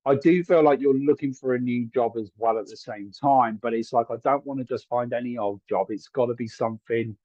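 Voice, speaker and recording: A man's voice: medium pitch, fairly quick, few pauses, dark tone, dry recording, muffled recording. A man giving live psychic readings to viewers from a room at home, chatty and hedging, often checking whether his words make sense. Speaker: psychic medium.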